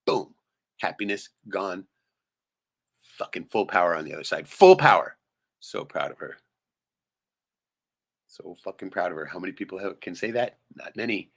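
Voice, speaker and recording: A man's voice: low-pitched, moderate pace, creaky, long pauses, fairly bright tone. A man hosting a livestream, venting in a profane, rambling, heated way and tossing in "right?" constantly. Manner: peppers speech with "right?". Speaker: livestream host. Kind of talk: casual livestream rant.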